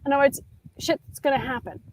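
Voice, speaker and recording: A Canadian woman talking casually on a live video call from outdoors, chatty and quick to laugh at herself. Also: high voice, fairly even intonation, poor audio. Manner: chatty, laughs easily, self-deprecating. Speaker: guest coach. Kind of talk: casual live-stream chat. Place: outdoors in nature.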